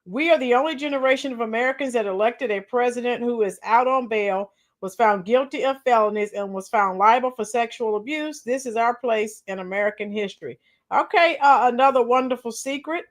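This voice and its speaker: A woman hosting a casual political livestream, greeting viewers by name with frequent fillers and throat clearing. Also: fairly high pitch, a little fast, few pauses. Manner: clears her throat often. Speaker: political commentary channel host.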